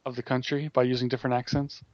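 A man's voice: medium pitch, flat delivery, fast talker, a little mellow, dry recording. A man hosting a podcast who teases his guest with dry questions. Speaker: podcast host. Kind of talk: casual chat. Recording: dry, slightly dull podcast audio.

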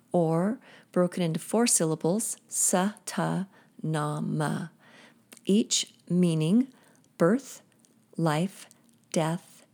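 Breathy lady host, slow calm guided meditation, kinda low voice. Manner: slow, soothing, chanting syllables in rhythm. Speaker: podcast host leading a meditation.

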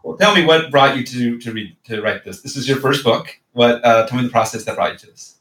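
A man hosting a book podcast, speaking in a measured, formal way and reading a review aloud with expression. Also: medium pitch, fairly bright tone, roomy sound, rough recording. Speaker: podcast host.

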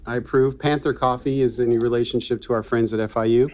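A man's voice: mid-range voice, fairly even intonation, fast talker, darkish tone. Hesitant man co-hosting a podcast. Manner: hesitant, many restarts. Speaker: podcast co-host. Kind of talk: casual chat.

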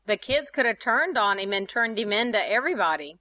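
A woman's voice: a little high, expressive, a little fast, sharp tone, no room sound. A woman in a casual chat, adding short remarks and questions. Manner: brief interjections and questions.

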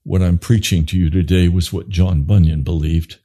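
A man preaching an impassioned sermon, swinging from low grave tones to high urgent pleading. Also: fairly even intonation, normal speed, mellow.

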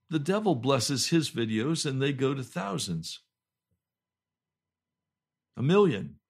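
An older male pastor with a slightly hoarse voice preaches an impassioned sermon in a home video. He alternates between loud, pleading cries and low, intense urging.

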